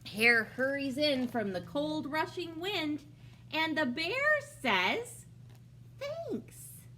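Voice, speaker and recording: A woman librarian reading a picture book aloud at a preschool storytime, pausing to ask the young listeners questions. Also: high-pitched, big pitch swings, sharp tone, slight background noise. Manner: slow, sing-song, asks young listeners questions. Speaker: children's librarian.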